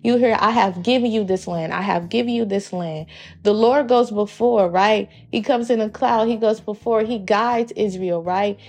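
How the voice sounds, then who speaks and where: A young woman co-hosting a faith podcast, casually telling a family story and acting out the dialogue with animated jumps in her voice. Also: mid-range voice, moderate pace, soft background music. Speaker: podcast co-host.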